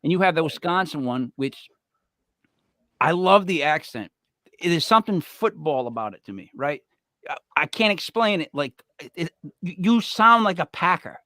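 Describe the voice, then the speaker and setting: Animated New York Italian-accented man. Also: fairly high pitch, moderate pace, no echo, clean studio sound. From Rhode Island. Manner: animated, talks over others, joking. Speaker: co-host. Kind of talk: casual chat.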